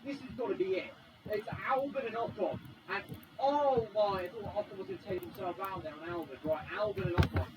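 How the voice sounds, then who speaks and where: A man giving excitable live commentary over a racing game he is playing. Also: high voice, fairly quick. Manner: excitable, exclaiming at the action. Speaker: gaming commentator. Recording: distant mic under loud game noise. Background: loud racing game engine sounds.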